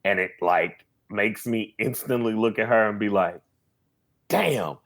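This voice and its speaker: A man's voice: on the low side, fairly even intonation, normal speed. A man co-hosting a podcast in casual chat, rambling with lots of fillers and restarts. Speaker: podcast co-host.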